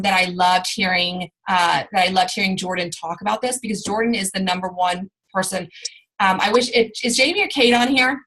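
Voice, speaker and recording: A woman's voice: mid-range voice, a bit bright, poor audio. A woman giving an informal training talk to her sales team, rambling along with lots of fillers and restarts.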